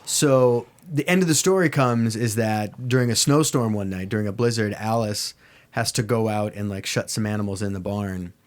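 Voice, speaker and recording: A man's voice: lowish voice, normal speed. A man in his thirties, hosting a podcast, tells stories in casual chat, swearing freely and laughing as he goes. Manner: animated, profane, laughing storyteller. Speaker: podcast host.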